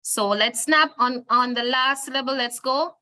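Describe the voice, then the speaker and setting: A woman's voice: high-pitched, moderate pace, pushed and bright. A woman with a Jamaican accent teaching an online Spanish lesson over a video call, patiently repeating words for her students.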